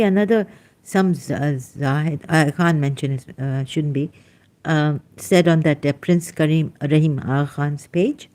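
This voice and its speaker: Casual stream host, woman, middle-aged; unhurried, mellow tone, emphatic with fillers. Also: low voice. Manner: animated, emphatic, frequent fillers. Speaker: livestream host reading chat. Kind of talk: casual livestream commentary.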